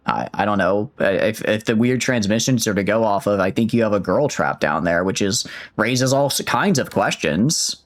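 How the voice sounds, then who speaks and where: Male streamer, casual game commentary, rambling, self-mocking, lively varied pitch. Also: moderate pace, few pauses. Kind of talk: casual let's-play commentary.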